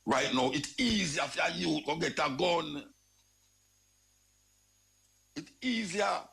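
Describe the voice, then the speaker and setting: Gravelly Jamaican man ranting. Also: on the high side, normal speed. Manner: animated, repetitive, emphatic ranting. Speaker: radio talk show host. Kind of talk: casual spoken commentary.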